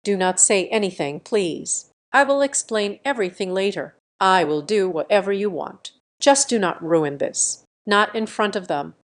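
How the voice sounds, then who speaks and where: A woman narrator voicing a frightened young adult daughter who pleads in a hushed way in a spoken story. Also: medium pitch, animated, normal speed, hardly any pauses, natural voice. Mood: pleading.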